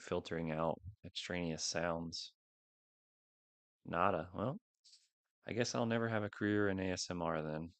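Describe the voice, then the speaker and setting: A man's voice: low voice, vocal fry. A man hosting a casual livestream, rambling and unsure as he talks to a few viewers on a headset microphone. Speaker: livestream host.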